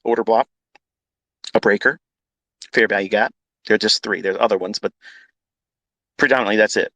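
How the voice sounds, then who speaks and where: A man's voice: lowish voice, steady tone, normal speed, sharp tone, no room sound, rough recording. Blunt, profane man, dry close sound. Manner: blunt, combative, swears freely, repeats himself for emphasis. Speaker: trading educator on a live audio space. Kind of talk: unscripted profane rant.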